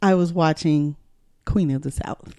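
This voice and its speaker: A middle-aged woman co-hosting a casual chat in a studio, telling stories in an animated way and laughing often. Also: low voice, measured pace, clear, resonant tone. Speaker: podcast co-host.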